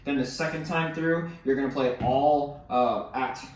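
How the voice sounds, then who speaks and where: Recorded from a distance in a very echoey room with slight background noise, a male drum instructor speaks at medium pitch and normal speed with fairly even intonation. He chats casually through snare drills, counting beats and often restarting himself or apologizing.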